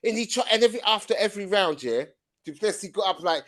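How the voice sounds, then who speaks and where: A young man co-hosting a casual podcast, his voice a touch high and swinging widely up and down. He talks in animated bursts, cutting in and repeating himself to get a word in. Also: fast talker. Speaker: podcast co-host. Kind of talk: casual banter.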